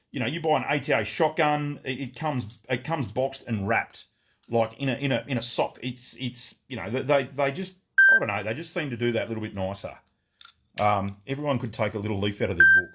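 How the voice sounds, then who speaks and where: A man hosting a live product showcase from a gun shop, excitable and rambling, swearing freely as he talks. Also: mid-range voice, slight background noise. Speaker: gun shop owner and livestream host.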